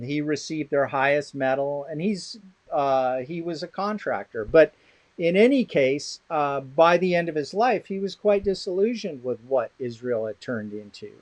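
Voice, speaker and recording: A man's voice: mid-range voice, normal speed. A middle-aged man, a guest expert in an interview, telling rambling, blunt, sardonic stories with many restarts. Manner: rambling anecdotal storytelling with restarts. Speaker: guest expert on law of armed conflict. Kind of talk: casual interview conversation.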